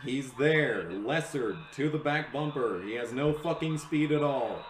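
A young man giving live reaction commentary to a race, excitable and swearing, yelling at the screen. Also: medium pitch, a little slow, roomy sound, a little hiss or hum, poor audio.

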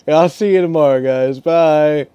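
A man's voice: a little high, normal speed, dark tone, clear, resonant tone, no room sound, lo-fi sound. A young man telling rambling stories in a casual, swearing vlog rant, laughing as he goes. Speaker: gaming YouTuber.

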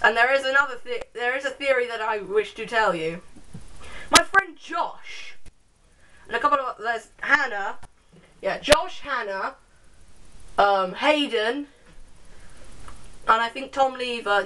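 A woman's voice: on the high side, animated, measured pace, pauses often, sharp tone. A young woman vlogging in a casual, giggly, rambling way, full of self-mocking asides. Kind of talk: casual chat to camera. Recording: distant camera mic with noise.

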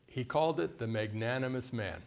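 A man's voice: mid-range voice, lively intonation, gravelly. An older man from the United States, giving a conversational workshop talk and often quizzing the audience with questions. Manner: mimics a haughty deliberate voice at times. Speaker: workshop speaker.

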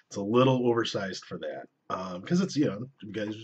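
Young guy doing a rambly cursing vape review, low raspy voice, muffled lo-fi audio. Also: very animated, a little slow, darkish tone. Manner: rambling, profane, self-interrupting. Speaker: vlogger reviewing vape gear. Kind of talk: casual product review. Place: indoors at home. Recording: dull lo-fi camera audio.

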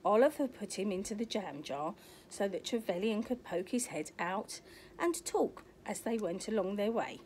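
An older woman reading a children's picture book aloud, pausing to point at pictures and ask the child questions. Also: mid-range voice, lively intonation, a little mellow, a little hiss or hum. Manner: asks the young listener questions, points at pictures. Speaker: storyteller.

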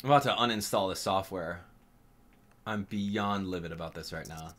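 A man's voice: low voice, moderate pace, fairly bright tone, slight background noise. A young man hosting gameplay commentary, venting his frustration to his viewers. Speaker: gaming channel host.

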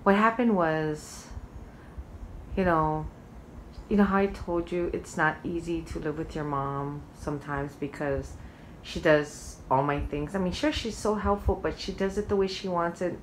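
A woman's voice: sits low, fairly even intonation, unhurried, low-quality recording. A woman vlogger telling a rambling personal story in a casual, chatty way, full of fillers and restarts. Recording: faint background water noise. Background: loud waterfall noise.

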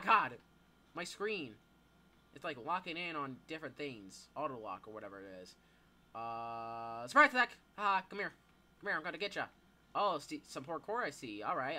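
A teenage boy giving live gameplay commentary, excitable, yelping and swearing as things happen. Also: a little high. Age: teens. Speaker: gamer.

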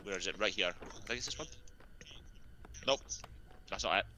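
A man's voice: fairly low pitch, lively intonation, normal speed, pushed and bright, slight background noise, rough recording. A British man with a Scottish accent chatting casually while playing, rambling and easily distracted. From Britain. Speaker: server player, co-streamer. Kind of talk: casual gaming chat.

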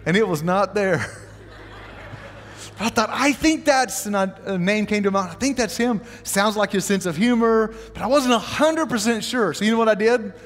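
A man's voice: high voice, moderate pace, in a large hall. A man preaching a sermon as pastor, telling a story and asking the congregation questions. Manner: animated storytelling, asks the audience questions. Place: church sanctuary.

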